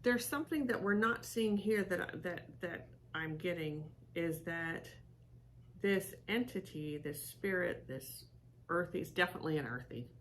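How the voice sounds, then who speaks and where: A woman hosting as a psychic medium, talking in a rambling, halting way with many fillers and restarts. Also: lowish voice, expressive, very noisy. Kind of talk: casual reaction chat.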